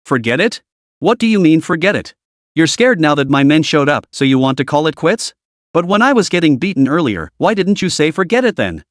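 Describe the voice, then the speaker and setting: A furious, humiliated young brawler from a comic story, as a male narrator reads him. He sounds indignant, with a raised, louder pitch. The sound is dry and close. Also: big pitch swings, fairly quick, dry recording. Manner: angry, indignant.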